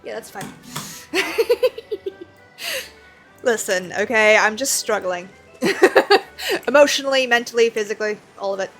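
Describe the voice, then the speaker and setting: A woman chats casually while she streams a game, rambling from topic to topic with plenty of fillers. Her voice sits fairly high, and faint game music plays beneath it. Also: lively intonation, measured pace, long pauses, fairly bright tone. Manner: rambling, chatty, self-deprecating with many fillers. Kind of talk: casual chat while playing.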